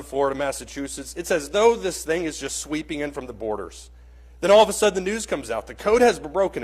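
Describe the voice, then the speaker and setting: A man's voice: a little high, slightly rough. A man teaching a church Bible class, telling a dramatic story in an earnest, vivid way and speaking straight to his listeners.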